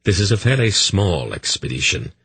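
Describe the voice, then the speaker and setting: A man voicing a sly, dry-witted spy who speaks wryly and quietly. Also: low voice, very animated, moderate pace, gravelly, husky, no echo, voice pushed up, heavily acted. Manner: dry, wry.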